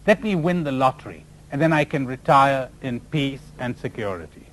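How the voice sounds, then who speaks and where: A man's voice: medium pitch, lively intonation, moderate pace, fairly bright tone, lightly acted, poor audio. A man putting on a pious old man pleading with God. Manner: wheedling, insistent.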